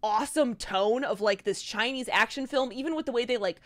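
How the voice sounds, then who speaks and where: A woman talking casually on a review panel, animated and full of "like"s, over a remote call setup. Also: on the high side, fairly quick. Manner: animated, frequent fillers and laughs. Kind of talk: casual group discussion.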